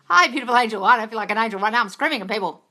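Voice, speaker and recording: A woman answering viewers' questions on a live stream, blunt and sweary, scolding her viewers and swinging from low mutters to loud yelling. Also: expressive, very fast. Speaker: manifesting coach answering live chat questions. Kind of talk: blunt livestream Q&A.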